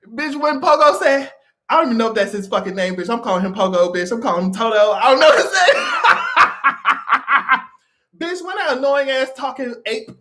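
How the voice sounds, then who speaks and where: A man's voice: very high-pitched, fairly bright tone. A man hosting a pop-culture commentary livestream, ranting with heavy profanity and frequent laughter. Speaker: livestream host.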